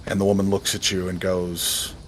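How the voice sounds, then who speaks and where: A man narrating a tabletop roleplaying game as dungeon master, telling the scene slowly and descriptively. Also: low-pitched, monotone, slight background noise. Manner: slow, descriptive storytelling.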